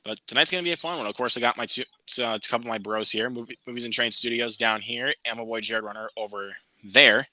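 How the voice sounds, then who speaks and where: Bright-voiced man hosting a live chat. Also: medium pitch, quick pace, hardly any pauses, no room sound, low-quality recording. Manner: laid-back, chatty, often laughs. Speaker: show host.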